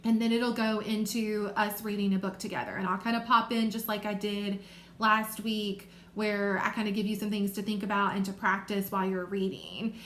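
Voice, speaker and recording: A woman teaching a remote reading lesson to young children, sounding out letters and words slowly and clearly. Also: medium pitch, little pitch movement, fairly bright tone. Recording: echoey room with faint noise.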